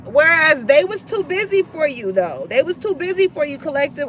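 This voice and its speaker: Blunt, high-voiced woman reader. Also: expressive, moderate pace, few pauses, a bit bright, rough recording. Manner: blunt, profane, laughs often, acts out others' lines. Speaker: tarot reader. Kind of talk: casual spoken reading to viewers.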